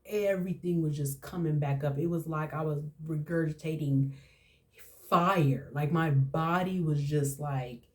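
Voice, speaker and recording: A woman's voice: deep voice, darkish tone. A woman around forty hosting a podcast, telling a personal story in a candid, emotional way and often repeating herself. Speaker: podcast host.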